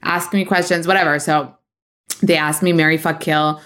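A woman hosting a podcast, telling gossip stories in a chatty, animated way with lots of "like"s. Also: sits low, moderate pace. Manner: gossipy, animated storytelling with many "like"s and bursts of laughter. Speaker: podcast host. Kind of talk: casual chat.

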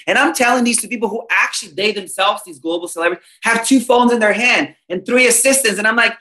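A man's voice: high-pitched, expressive, fast, hardly any pauses, sharp tone. A man, a spiritual teacher, talking as a podcast guest in an earnest, emphatic, teacherly way. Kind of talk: podcast conversation.

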